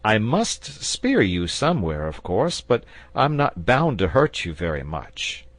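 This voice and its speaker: A man's voice: on the low side, huge pitch swings, a little slow, no room sound, pitched above the performer's own voice, heavily acted. A man voicing a confident, patient male knight who speaks persuasively and earnestly.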